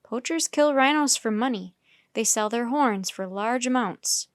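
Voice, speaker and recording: A woman voicing a calm, firm male ranger at a wildlife reserve. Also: fairly high pitch, measured pace, no room sound, clean studio sound, lightly acted.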